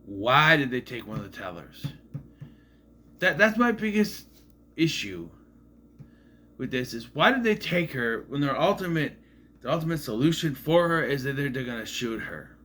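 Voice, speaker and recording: A man's voice: mid-range voice, sing-song, moderate pace, long pauses, sharp tone, a little hiss or hum. A man casually recapping a movie in a rambling, musing way, often admitting he is unsure. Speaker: movie reviewer.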